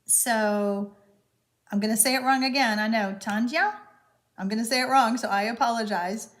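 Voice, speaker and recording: A woman's voice: fairly high pitch, fairly even intonation, moderate pace. A woman hosting a live-streamed card-making class, chatting loosely with viewers and answering their comments, with frequent hesitations.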